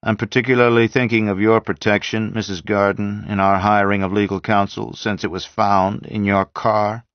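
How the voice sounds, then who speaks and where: A man voicing a brisk, take-charge group leader in an audiobook reading, with a clipped, businesslike manner and raised voice. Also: lowish voice, level tone, dry recording, pitched above the performer's own voice, lightly acted. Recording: dull dry lo-fi sound.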